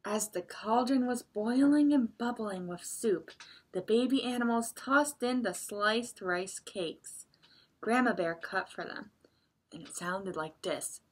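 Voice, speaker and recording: A woman librarian reading a picture book aloud at children's story time, expressive and adding chatty asides for the kids. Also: a little high, slow pace, husky.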